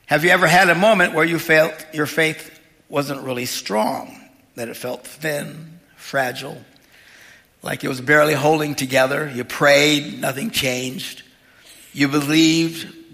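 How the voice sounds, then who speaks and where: Gravelly, bright-voiced preacher in an echoing hall. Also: male voice, medium pitch. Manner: conversational, with humorous asides. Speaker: pastor. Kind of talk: sermon. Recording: long reverb of a large hall.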